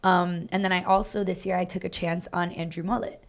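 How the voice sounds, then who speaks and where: A woman with a slightly low voice hosts a casual podcast with her co-host. She tells stories with lots of energy and acts out the quoted lines. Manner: animated, acts out quoted dialogue, fast bursts. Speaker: podcast co-host, dance team coach. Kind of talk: casual storytelling chat.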